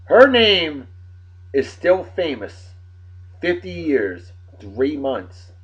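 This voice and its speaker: Rowdy Massachusetts man with a husky voice. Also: on the high side, very animated, drawn-out words, dull audio. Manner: rowdy and boastful, bursts into loud whoops. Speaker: host. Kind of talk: casual solo show commentary.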